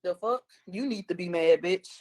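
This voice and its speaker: A woman's voice: lowish voice, normal speed, darkish tone, no echo. A woman, a guest commentator on a livestream, talking bluntly and combatively in casual chat.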